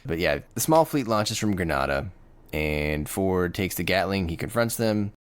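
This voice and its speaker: A man's voice: low-pitched, lively intonation, normal speed, clear, resonant tone. A man co-hosting a casual podcast, recapping the story in an enthusiastic, rambling way and laughing often. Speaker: podcast co-host.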